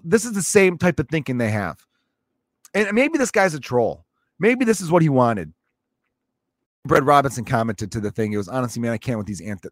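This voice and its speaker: A man's voice: sits high, no echo. Sarcastic ranting man, dry sound. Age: adult parent. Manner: sarcastic, profane, exasperated. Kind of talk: comedic rant.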